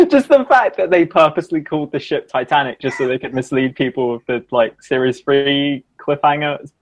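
A man co-hosting a casual chat, animated, laughing often and jumping up in pitch when excited. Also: moderate pace. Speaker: podcast co-host.

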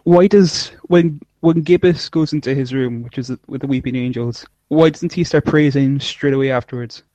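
A man's voice: medium pitch, normal speed, dark tone, dry recording. Rambling man on a dry mic. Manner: rambling, trailing off and restarting. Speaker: podcast co-host. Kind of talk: casual chat reviewing an episode.

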